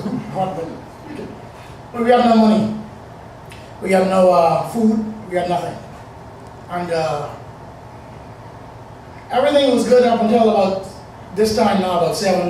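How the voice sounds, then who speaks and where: A man's voice: high-pitched, normal speed, mellow, slight background noise. Rambling man in an echoey room. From Bahamas. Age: 40s. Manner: rambling, conversational, with many fillers. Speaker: storyteller. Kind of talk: live personal storytelling. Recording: echoey room, distant mic.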